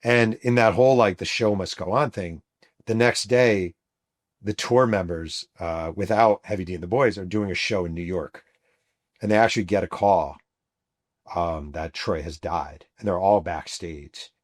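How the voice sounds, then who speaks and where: A middle-aged man, a show host and author, narrating a true story vividly and acting out the shouts of the people in it. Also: low voice, normal speed.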